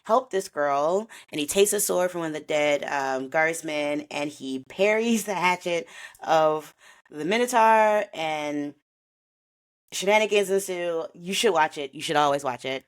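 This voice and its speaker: A woman with a low voice hosts a podcast in a loose, conversational way. She talks in an animated, slangy way and laughs often as she recaps a story and unpacks an idea. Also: unhurried. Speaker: podcast host. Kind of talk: casual chat about an anime and mindsets.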